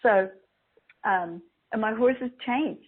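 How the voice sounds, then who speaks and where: A woman's voice: a little high, slow, breathy edge. A middle-aged woman, a guest on an interview show, telling stories in a chatty way and laughing often. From Australia. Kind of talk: casual storytelling interview. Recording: tinny phone line.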